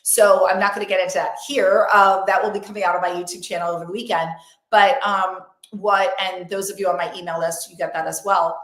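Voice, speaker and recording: A woman's voice: mid-range voice, little pitch movement, brisk, fairly bright tone. Effusive young woman coach, roomy echo. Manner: emphatic, effusive, repeats affirmations. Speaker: motivational coach hosting an online event. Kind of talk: live-streamed motivational talk.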